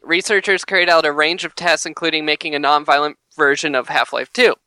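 A man's voice: on the high side, fairly even intonation, a little fast, pushed and bright, clean tone, no room sound. A man co-hosting a casual podcast, reading out news headlines and joking about them. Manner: reads headlines then jokes about them. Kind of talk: casual chat.

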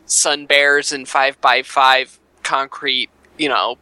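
A man co-hosting a podcast, rambling in relaxed casual chat. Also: medium pitch, slow, smooth, no room sound. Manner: rambling, laid-back, many fillers. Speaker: podcast co-host.

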